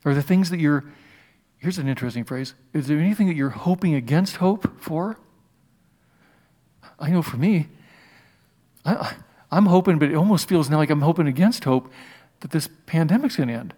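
A male pastor preaching a sermon in a somewhat high voice. He tells stories in a halting way and often restarts his sentences. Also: mellow. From United States. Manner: storytelling, halting with many restarts.

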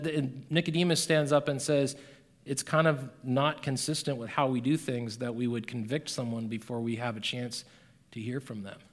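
A man preaching a sermon in a conversational, animated way, rising and falling in volume as he reads scripture. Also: on the high side. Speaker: pastor.

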